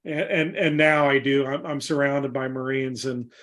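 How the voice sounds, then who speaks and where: A man's voice: mid-range voice, steady tone, moderate pace, a bit bright. A man who is an Air Force veteran and hosts the show, talking casually with lots of restarts. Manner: rambling, many restarts. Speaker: host, veterans group founder. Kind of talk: casual chat.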